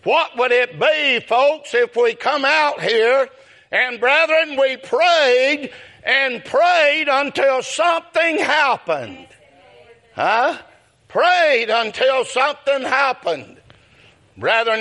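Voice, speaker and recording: A man preaching a sermon, calling out to the brethren and his friends, telling folksy stories and rising into shouts. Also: extremely high pitch, lively intonation, slow. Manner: calls out brethren and my friend often, breaking into shouted peaks; folksy storytelling with chuckles.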